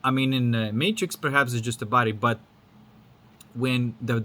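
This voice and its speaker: His medium-pitched voice is bright and forceful, holding a steady tone at normal speed. He's a spiritual teacher from Lithuania whose English carries a mix of Lithuanian, American and British sounds, and his talk is rambling, blunt and sprinkled with casual swearing.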